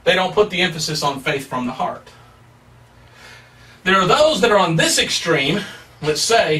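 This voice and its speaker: A man's voice: a little high, lively intonation, unhurried, a bit bright, far from the mic. A male pastor preaching a sermon, emphatic and plain-spoken, asking rhetorical questions as he teaches.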